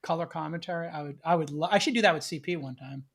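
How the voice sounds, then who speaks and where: A man hosting a podcast, telling blunt, animated anecdotes in casual chat and acting out the back-and-forth. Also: a little high, fast, slightly rough. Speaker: podcast host.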